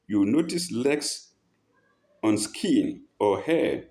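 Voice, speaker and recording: A man with a low, dark voice reads a passage aloud in an unhurried way. He repeats key phrases and stops to explain them, and his pitch rises and falls a lot. The delivery sounds like a teacher talking a group through a text. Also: sing-song. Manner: breaks off to mimic speakers in a raised voice. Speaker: religious teacher. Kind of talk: reading aloud and commenting.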